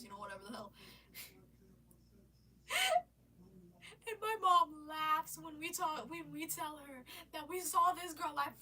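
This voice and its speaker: A woman telling a rambling story on a live stream, casual and animated, swearing and laughing often. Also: high voice. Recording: voice a bit far from the mic.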